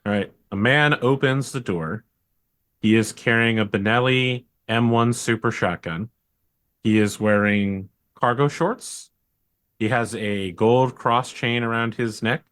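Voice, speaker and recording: A man's voice: mid-range voice, a little slow, a bit bright. A man narrating as game master, descriptive and joking.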